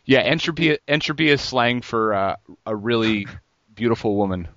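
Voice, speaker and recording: A man co-hosting a casual podcast, with a jokey, rambling delivery and a lively voice that jumps up and down in pitch. The sound is dull and lo-fi, with no room echo at all. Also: moderate pace. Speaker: podcast co-host. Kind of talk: casual banter.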